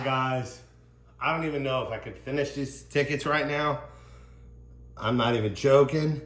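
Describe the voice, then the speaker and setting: A man's voice: mid-range voice, moderate pace, pauses often, fairly bright tone. A man vlogging as he scratches lottery tickets, exclaiming to his viewers, tearful and overwhelmed, rambling as he talks. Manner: exclaiming, emotional, rambling, addressing viewers as y'all. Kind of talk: excited casual commentary. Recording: echoey room with background noise.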